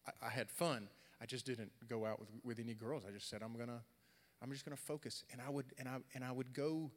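A young adult man preaching a sermon, swinging from loud, animated storytelling to quiet, earnest talk. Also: mid-range voice, fairly quick. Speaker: pastor. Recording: long hall reverb.

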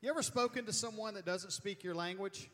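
A man from Alabama preaching a sermon with emphatic, animated delivery, sometimes mimicking loud slow speech. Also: sits high. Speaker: pastor. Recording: reverberant church hall.

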